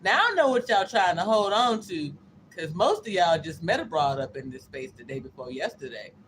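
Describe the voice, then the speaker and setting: A woman's voice: on the low side, expressive, normal speed, a little hiss or hum, poor audio. A woman hosting a casual livestream, reading viewer comments aloud and answering them bluntly, with profanity and joking asides. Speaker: livestream host.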